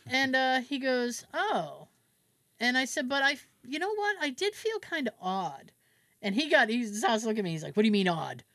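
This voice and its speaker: A woman's voice: on the high side, very animated, moderate pace, a bit bright, no echo, studio quality. A woman hosting a podcast, telling a story in casual chat, acting out quotes, laughing often and swearing freely. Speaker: podcast host.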